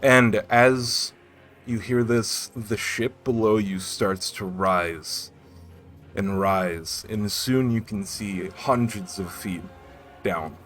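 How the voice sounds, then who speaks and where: A man running a tabletop game as game master, narrating scenes in an unhurried, descriptive way. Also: on the low side, fairly bright tone. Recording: faint background music.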